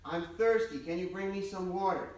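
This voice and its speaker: A man's voice: sits high, normal speed, darkish tone, pitched above the performer's own voice, close to an everyday voice. A man voicing a naughty young boy who keeps calling out to his father for water. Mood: pleading. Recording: echoey church from far off.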